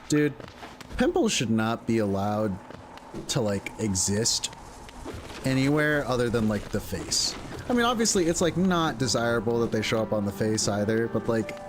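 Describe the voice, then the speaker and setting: A young man talks casually while he streams a video game, rambling from one thought to the next. His pitch swings widely as he goes, and he laughs often. Game music plays clearly underneath his voice. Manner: rambling, chatty, laughs often, full of filler words; jumps into high squeaky voices when quoting others. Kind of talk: casual gameplay commentary.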